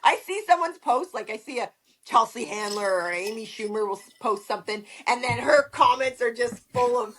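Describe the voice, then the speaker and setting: A woman's voice: fairly high pitch, lively intonation, normal speed, a bit bright. Blunt, laughing woman. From Canada. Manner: blunt, profane, laughs often. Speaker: podcast guest. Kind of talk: casual interview chat.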